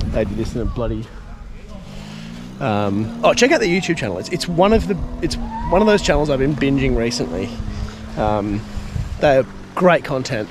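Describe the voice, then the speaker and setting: A man with an Australian accent chatting casually in a vlog out on a four-wheel-drive track, laughing often and poking fun at himself. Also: mid-range voice. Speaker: vlogger. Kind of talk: casual outdoor vlog chat. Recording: outdoor recording with clear background noise.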